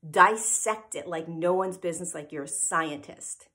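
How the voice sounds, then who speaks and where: A woman's voice: lowish voice, moderate pace, pushed and bright. A woman giving an informal spiritual teaching talk, earnest and emphatic, who keeps checking in with her listeners by asking "right?" after her points. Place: live event replay.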